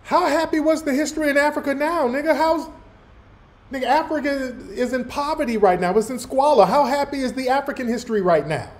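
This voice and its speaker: An American man commenting in a mocking, profane, loud way on a clip he is watching. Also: very high-pitched, a little fast.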